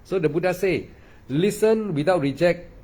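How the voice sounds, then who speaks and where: At normal speed and in a mellow, high-sitting voice, a man leads a meditation dharma talk. He emphasizes points by repeating them, with "ah" and "lah" coming up again and again.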